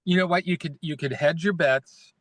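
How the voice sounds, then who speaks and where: A man's voice: a little high, normal speed, fairly bright tone, no echo. A man film critic, chatting casually and teasing his co-host. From United States. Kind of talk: casual film review chat.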